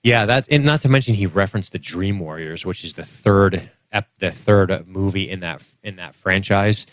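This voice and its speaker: A man co-hosting a podcast in casual chat, upbeat and teasing, quick to agree. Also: deep voice, no echo. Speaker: podcast co-host.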